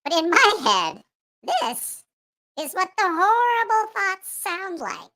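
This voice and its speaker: Impish pitch-shifted child voice, a man on a voice changer, high and bouncy, slow delivery. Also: very animated, sharp tone, heavily acted. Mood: giggly. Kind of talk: livestream chat.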